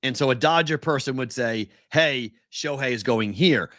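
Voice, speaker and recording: A man co-hosting a sports betting podcast in casual talk, animated and laughing often, sometimes mimicking whiny voices. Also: mid-range voice, normal speed, dry recording, studio quality.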